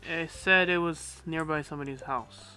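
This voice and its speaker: A laid-back young man trading teasing remarks during a co-op game. His voice sits a little high and sounds bright. Faint music plays behind him. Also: moderate pace. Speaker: co-op gamer. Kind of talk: casual let's-play banter.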